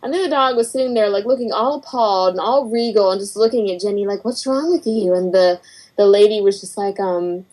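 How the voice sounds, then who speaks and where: A woman's voice: mid-range voice, brisk, rough recording. A woman guest on a podcast, chatting casually and acting out the voices in her stories. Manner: animated storyteller, acts out quotes and barking. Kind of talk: casual chat.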